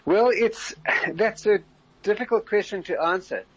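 An older man, a former community leader, explaining current affairs in a measured radio interview, often restarting his sentences. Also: sits high, husky, lo-fi sound.

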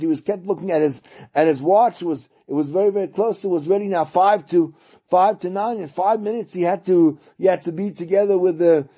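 Man teaching through a story, halting, repeats words, gravelly, very dark tone. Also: high voice. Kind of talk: storytelling in a lesson.

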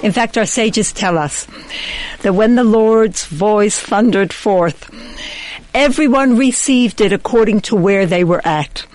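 A woman's voice: medium pitch, measured pace, a little mellow, dry recording, rough recording. A woman hosting a discussion on faith and marriage, thoughtful and affirming. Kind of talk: reflective religious discussion.

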